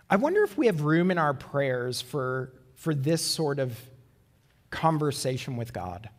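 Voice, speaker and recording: Man, pastor, sermon, earnest, rhetorical questions, high voice, echoing hall.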